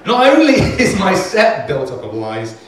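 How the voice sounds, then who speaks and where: This man's high voice swings hugely in pitch while he keeps a measured pace through a rambling, self-mocking, profanity-laced stand-up set at a comedy club. Slight background noise is present, and the echoey venue was recorded from a distance.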